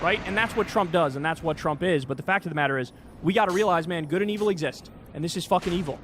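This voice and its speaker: Fired-up, swearing male commentator, high voice. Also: quick pace, noisy background. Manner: impassioned, profane, emphatic. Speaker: political commentator. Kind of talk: online political rant. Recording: loud background music. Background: loud music.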